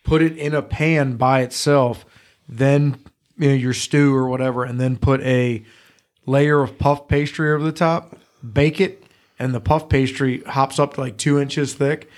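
A podcast host chats casually, telling profane stories and laughing often. He speaks at a measured pace in a medium-pitched voice with fairly even intonation.

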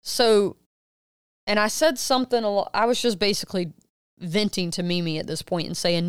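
A woman in her thirties co-hosting a podcast, retelling a story in casual chat and acting out quotes with loud, cursing outbursts. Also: mid-range voice, normal speed, clean tone, no room sound, clean studio sound. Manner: animated retelling with loud acted quotes and swearing. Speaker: podcast co-host.

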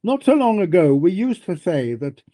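A man's voice: high voice, very animated, moderate pace, warm tone. A man voicing a blunt, dismissive young nihilist in a dramatic reading of a novel, with a curt, scornful delivery.

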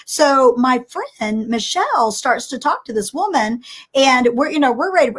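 A woman's voice: high voice, lively intonation, measured pace, slightly rough. A woman telling a personal faith story in casual conversation, acting out the dialogue with frequent restarts. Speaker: guest sharing testimony.

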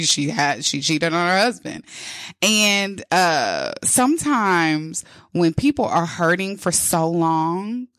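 A young adult woman hosts her own podcast, talking in a loose, frank monologue. Her voice sits a little low, and she often circles back and repeats phrases to drive a point home. The recording is dry, with no room sound. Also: a bit bright, no room sound. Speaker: podcast host. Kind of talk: casual spoken monologue.

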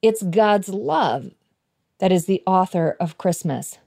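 A woman giving a Christmas devotional, telling a family story in an expressive storytelling way and slowing down for emphasis. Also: medium pitch, vocal fry.

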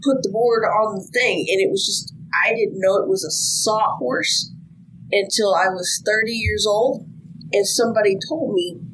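A woman from Texas telling anecdotes in a casual podcast chat, halting now and then with fillers. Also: medium pitch, a bit bright, slight background noise, rough recording.

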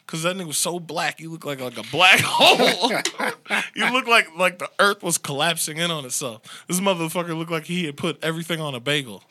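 A man from Northeast Ohio hosts a loose comedy podcast, trading crude jokes with his friends. His voice is very bright and sharp and swings widely in pitch. He slips into mocking impressions between bursts of laughter. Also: a little fast, a little hiss or hum. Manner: animated, loud laughing, mock impressions.

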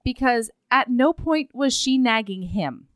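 A woman chatting casually, retelling a story in a lively, animated way and acting out the quotes. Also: fairly high pitch, unhurried, no room sound. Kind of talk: casual chat recapping a story.

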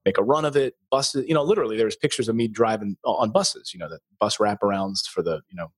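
A man's voice: on the low side, quick pace, husky, no echo. A middle-aged man from the Philadelphia area, a former TV news anchor, animatedly telling his career story as an interview guest. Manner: animated storyteller, acts out quoted voices. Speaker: guest, former TV news anchor turned real estate investor.

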